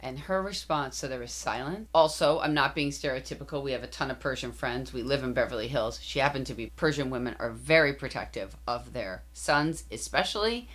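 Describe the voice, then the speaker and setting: A woman's voice: extremely low pitch, animated, fairly quick, few pauses. A woman in her fifties, a podcast guest, telling candid parenting stories in casual chat. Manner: candid storytelling, acts out quoted dialogue.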